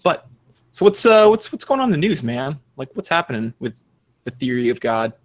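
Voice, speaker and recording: A man's voice: mid-range voice, big pitch swings, a little fast. A young man co-hosting a podcast in casual chat, rambling with lots of fillers and restarts. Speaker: podcast co-host.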